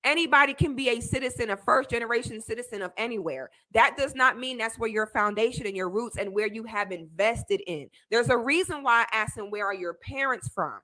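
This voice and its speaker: Fairly quick with few pauses, this young woman's slightly high voice comes across bright and forceful. Sitting on a debate panel, she reacts to a video with heated indignation, emphatic and repetitive.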